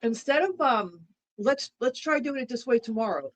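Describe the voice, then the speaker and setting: A woman's voice: a little high, lively intonation, moderate pace, rough recording. A woman co-hosting a casual livestream chat, rambling and repeating herself while she eats dinner. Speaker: livestream co-host.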